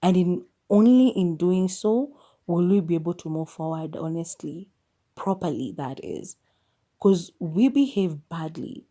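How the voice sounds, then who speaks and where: A woman's voice: lowish voice, animated, unhurried, mellow. A Kenyan woman hosting a solo podcast, sharing her opinions in a candid, musing way. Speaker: podcast host.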